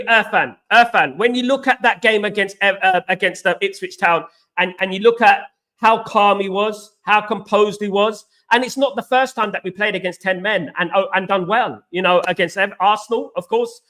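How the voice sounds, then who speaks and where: Young guy on a football livestream, high bright voice a bit hoarse, chatty, says things twice. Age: young adult. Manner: chatty, repeats phrases, greets viewers by name. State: voice going hoarse. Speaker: host of a football live stream. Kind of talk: casual live-stream chat, reading viewer comments.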